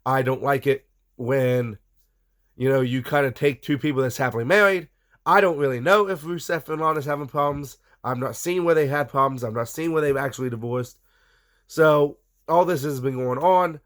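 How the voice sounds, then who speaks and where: A man's voice: mid-range voice, normal speed. A man hosting a casual wrestling recap, giving blunt opinions and talking straight to his viewers. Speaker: wrestling show recap host.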